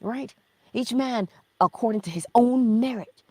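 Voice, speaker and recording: A woman's voice: fairly high pitch, a little slow, warm tone, no room sound. A middle-aged woman hosting a spiritual teaching livestream, reading viewer chat, affectionate, laughing often and slipping into whispers.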